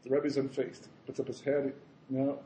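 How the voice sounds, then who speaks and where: Animated rabbi lecturing in a roomy space. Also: male voice, a little high, brisk, a little hiss or hum. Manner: animated storytelling with frequent asides. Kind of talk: Torah lecture. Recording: roomy echo.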